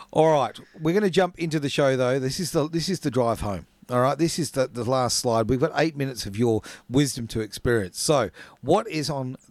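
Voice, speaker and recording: A man hosting a radio show in casual chat, jokey and quick to laugh, calling his guest "mate". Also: mid-range voice, no echo. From Australia. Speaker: radio host. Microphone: studio microphone.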